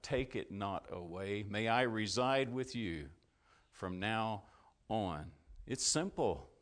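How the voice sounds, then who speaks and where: A male preacher delivering a sermon, asking his congregation questions, then swelling to loud, fervent climaxes before dropping low and quiet. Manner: asks the congregation questions and answers them.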